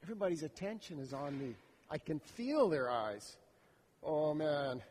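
A man's voice: a little high, big pitch swings, normal speed, a little mellow. A man telling a story as a first-person dramatic monologue, in an intimate, reflective inner voice. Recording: long hall reverb.

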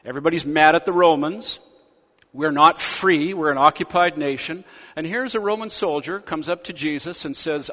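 A man preaching a sermon, retelling stories with lively paraphrased dialogue. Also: a little high, long reverb tail. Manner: animated storytelling, acting out quoted figures in paraphrase. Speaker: pastor.

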